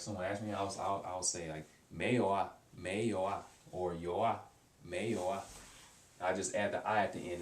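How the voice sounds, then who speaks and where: A man with a lowish voice talks through a casual language lesson, stumbling and repeating himself with lots of fillers. He sounds set back from the mic, and the room around him is echoey, with a faint hiss underneath. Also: recorded from a distance. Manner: halting, repeats words, many fillers. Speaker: language teacher.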